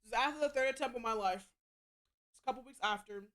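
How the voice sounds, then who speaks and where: A woman's voice: a little high, fast talker, a bit bright. Blunt, cussing young woman streamer. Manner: blunt and heavy on profanity; rambling with frequent restarts. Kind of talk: casual chat.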